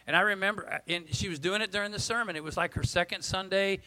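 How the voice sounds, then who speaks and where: A man in his sixties, a pastor, preaching a storytelling sermon in an animated, humorous way, acting out the people in his stories. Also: sits high, fast talker, poor audio.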